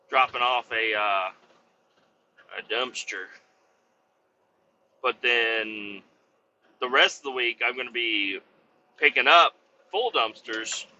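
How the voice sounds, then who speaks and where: A man's voice: medium pitch, bright, forceful tone, slight background noise. A man who drives trucks, telling rambling stories in a crude, profane, joking way. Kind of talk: rambling casual storytelling. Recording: dull lo-fi sound.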